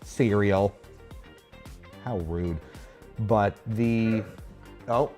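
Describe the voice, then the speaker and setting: A man's voice: lowish voice, very slow, mellow, soft background music. Chatty man narrating a convention walkthrough. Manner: rambling, chatty, restarts and asides. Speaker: host. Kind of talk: casual livestream walkthrough narration. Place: convention show floor.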